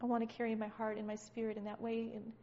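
A woman's voice: fairly high pitch, completely flat delivery, fast, slight background noise. A woman sharing with her church congregation, talking fervently, repeating phrases and stammering. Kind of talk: impassioned spontaneous exhortation. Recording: dull, echoey hall recording.

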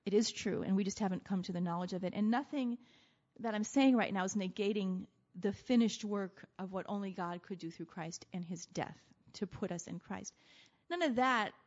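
A woman preaching a sermon in an animated way, laughing often and acting out voices as she talks. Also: mid-range voice, moderate pace. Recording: dull lo-fi sound.

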